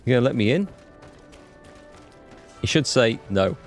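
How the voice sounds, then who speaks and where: A man hosting a live game playthrough, chatty and excitable, greeting viewers in chat. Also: mid-range voice, measured pace. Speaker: let's play host. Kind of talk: live gameplay commentary. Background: faint game music.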